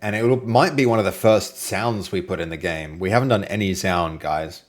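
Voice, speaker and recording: An Australian man hosting a live game-development stream, chatting casually and playfully with viewers and sometimes trailing off into low mutters as he reads and works. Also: moderate pace. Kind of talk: casual live-stream chat while coding.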